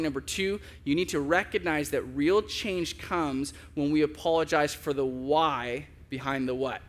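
A man preaching a sermon as a pastor, conversational and lively, acting out the voices he quotes. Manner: conversational, acts out quoted voices with big pitch jumps.

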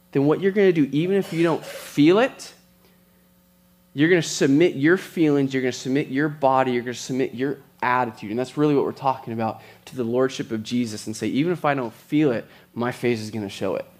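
A man as pastor, preaching a sermon in a conversational way and telling stories with quick asides. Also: mid-range voice, darkish tone.

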